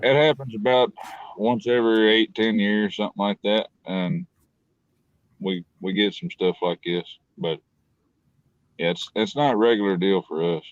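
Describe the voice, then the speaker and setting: A man's voice: on the low side, moderate pace, no room sound. A man chatting casually on a live stream, folksy and rambling, often restarting his sentences. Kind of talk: casual chat. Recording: dull lo-fi call audio.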